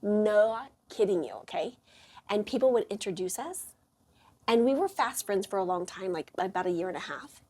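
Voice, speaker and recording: A woman's voice: normal speed, husky. A woman hosting a casual chat, telling stories with lots of playful acted-out quotes. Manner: animated storyteller, acts out quotes in high voices. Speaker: podcast host.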